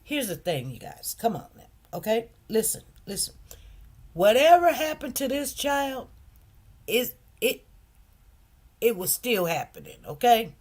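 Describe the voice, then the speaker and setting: A woman talks slowly to her viewers, lingering on her words and repeating lines for emphasis. She speaks in in a casual storytelling style. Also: a little high, very animated, darkish tone. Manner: emphatic, repeats phrases, addresses viewers as "you guys". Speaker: commentary channel host.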